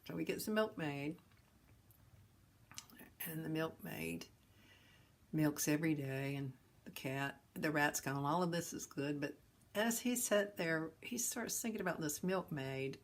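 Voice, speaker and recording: Woman, very low voice, folksy storyteller, teaching talk on suffering. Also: moderate pace. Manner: gentle, folksy storyteller with chuckles. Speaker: host and teacher of a philosophy of ease.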